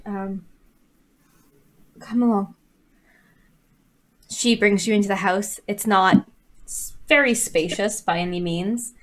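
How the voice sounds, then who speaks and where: A woman runs a tabletop adventure as game master, describing scenes and characters in a soft, gentle voice. She pauses often with little fillers. Her pitch sits in the middle for a woman.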